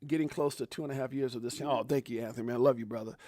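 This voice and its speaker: A man hosting a casual live stream, hyped and effusive, giving one shout-out after another to people watching. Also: mid-range voice, steady tone, racing, dry recording. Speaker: livestream host. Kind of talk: casual live-stream chat reading out viewer names.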